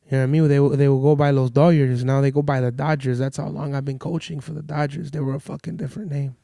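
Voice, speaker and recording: A man hosting a podcast, ranting in crude, sarcastic storytelling while sick and low on energy. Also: little pitch movement, fast, creaky, mellow, no echo, studio quality. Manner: heated, crude, sarcastic, mimics people in quotes. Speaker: podcast host. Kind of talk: profane storytelling rant.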